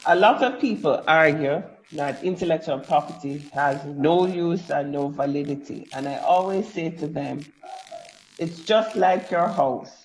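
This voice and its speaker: A woman's voice: low voice, a little slow, echoey room, slight background noise, poor audio. A woman speaking as a panelist, explaining her point through a homely everyday analogy. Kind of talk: panel discussion.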